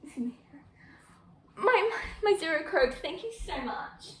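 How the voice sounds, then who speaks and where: A teenage girl performs a comic solo stage scene as a gushing, exasperated reality show host. Her high voice swoops widely, and she takes her time with the lines. Music plays clearly behind her. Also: very animated, measured pace. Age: teens. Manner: dramatic, gushing, exasperated asides. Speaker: student actor playing a reality show host.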